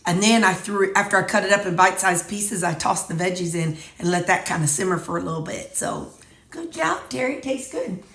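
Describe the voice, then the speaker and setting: A woman's voice: mid-range voice, fairly bright tone. Chatty Missouri woman in a roomy kitchen. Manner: rambling, folksy, chatty. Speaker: vlogger. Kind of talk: casual chat. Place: home kitchen.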